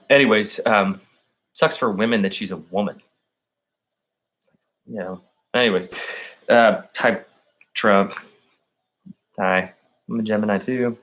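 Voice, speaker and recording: A man vlogging in a meandering, stream-of-consciousness monologue, full of "like" and "um". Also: fairly low pitch. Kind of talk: rambling solo monologue.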